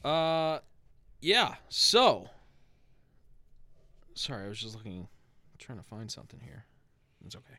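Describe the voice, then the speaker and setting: A man hosting a podcast in relaxed, rambling chat. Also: mid-range voice, a little slow, long pauses, no room sound. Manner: relaxed, rambling, with fillers and self-corrections. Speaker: podcast host.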